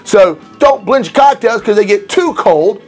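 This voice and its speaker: A man's voice: high voice, animated, normal speed, faint music behind. A man hosting a cocktail recipe video, talking casually and playfully with rambling asides. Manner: chatty and playful, rambling asides, silly mock voices. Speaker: cocktail channel host. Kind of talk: casual recipe talk to camera.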